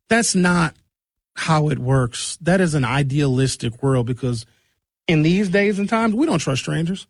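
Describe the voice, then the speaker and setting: A man hosting a talk show who is hoarse from recent shouting, giving blunt, conversational commentary on local news and asking rhetorical questions. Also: a little high, lively intonation, normal speed, no echo, studio quality.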